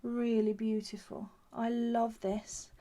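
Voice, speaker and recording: A woman's voice: a little high, monotone, slow pace, warm tone. A woman, the founder of a craft shop, giving a live craft demonstration. She chats as she works and gushes over the results. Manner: gushing, admiring her own work; chatty, thinking aloud as she works.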